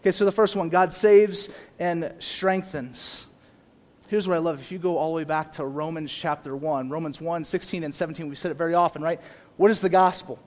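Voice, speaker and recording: A young man preaching a sermon to a congregation, animated, moving between quiet asides and loud emphatic repetition. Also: fairly high pitch, fast talker. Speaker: pastor.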